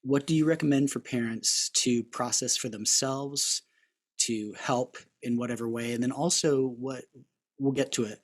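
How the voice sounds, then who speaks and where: A man's voice: medium pitch, steady tone, moderate pace. A man hosting an interview, asking long reflective questions and wandering off on tangents. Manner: rambling, reflective questions with restarts. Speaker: podcast host. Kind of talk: conversational interview.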